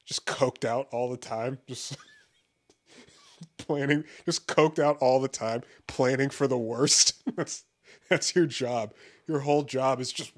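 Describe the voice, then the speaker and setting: A man's voice: mid-range voice, takes it slowly. Profane, rambling man laughing between rants. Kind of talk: casual comedic monologue.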